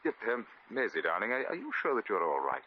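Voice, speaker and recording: A genteel English lord, lovestruck and doting in a 1950s radio play. He speaks in a very deep voice that swings lively in pitch, and he stammers fussily. The recording is dull and dated, with faint hiss. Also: quick pace.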